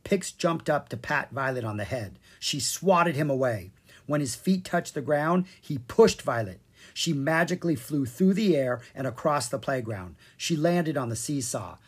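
A narrator reading a children's chapter book aloud, with animated storytelling and a distinct voice for each character. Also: mid-range voice, moderate pace, breathy edge. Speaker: audiobook narrator.

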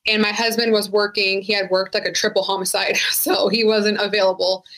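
A woman's voice: mid-range voice, little pitch movement, brisk, a bit bright, rough recording. A woman who is a retired sheriff's deputy, speaking frankly and casually as a guest in an interview, with many "like" fillers. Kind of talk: candid interview conversation.

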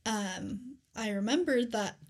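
A young woman co-hosting a faith podcast, telling scripture stories in an earnest, animated casual way with lots of "like.". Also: fairly high pitch, slow pace, breathy edge. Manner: earnest, animated storytelling with many "like"s. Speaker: podcast co-host.

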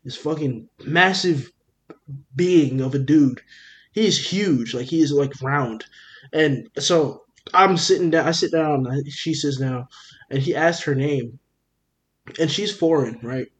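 Young male co-host, slightly high voice, profane and animated, rattles off a story with quoted dialogue. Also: slow pace. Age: young adult. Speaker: podcast co-host. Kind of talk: casual storytelling chat.

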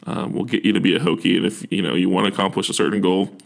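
Low gravelly man giving earnest advice. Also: fairly even intonation, very fast. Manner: earnest, encouraging, with many fillers and restarts. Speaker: university admissions officer. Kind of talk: casual advice talk.

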